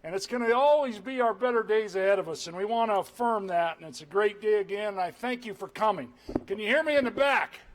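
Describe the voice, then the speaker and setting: A man, a governor, giving an energetic, conversational public address to a crowd. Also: high-pitched, brisk.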